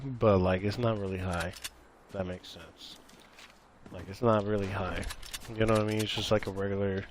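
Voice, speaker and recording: Guy streaming a shooter live, lowish voice, rambles n repeats himself, gunfire and game noise behind. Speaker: gaming streamer. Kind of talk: live gameplay commentary with viewers. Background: gunfire and game sounds.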